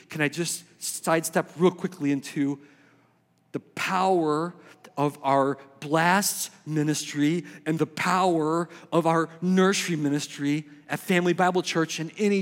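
A man preaching a sermon, swinging between quick emphatic bursts and slow, hushed lines. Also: on the high side, steady tone. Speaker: pastor. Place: church sanctuary. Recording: long reverb of a church hall.

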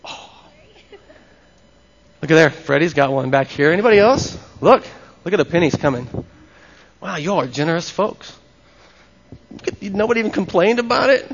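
A man preaching a lively sermon and talking directly with his congregation. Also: a little high. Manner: animated, talks with the congregation. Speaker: pastor. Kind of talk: live sermon. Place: church before a congregation. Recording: long reverb, dull lo-fi sound.

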